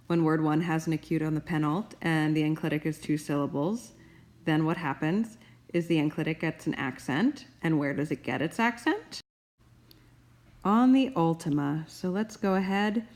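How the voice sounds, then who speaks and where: A woman professor calmly explaining grammar rules step by step in a recorded tutorial, with playful asides. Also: on the low side. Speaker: Ancient Greek professor.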